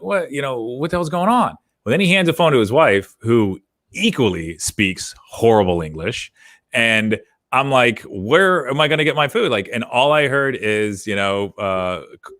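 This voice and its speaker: A man co-hosting a business podcast in casual chat, telling stories in an animated way that gets heated. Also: on the low side, normal speed, no room sound, studio quality. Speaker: podcast co-host.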